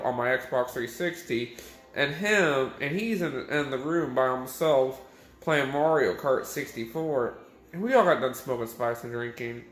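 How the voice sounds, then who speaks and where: Drunk young guy rambling crudely. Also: mid-range voice. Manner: rambling, crude and swearing, laughing at own jokes. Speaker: vlogger. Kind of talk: rambling drunk rant to camera. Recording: echoey room.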